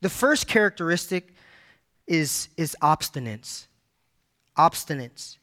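A man's voice: on the high side, sing-song, takes it slowly, bright, forceful tone. A man preaching a sermon, reading scripture aloud and repeating key phrases for emphasis as he addresses the congregation.

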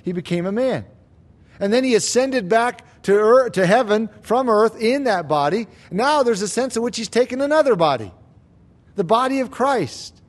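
Emphatic high-voiced male preacher. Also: expressive. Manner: emphatic, slows down and rises on key claims; asks the congregation rhetorical questions. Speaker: pastor. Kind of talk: expository sermon.

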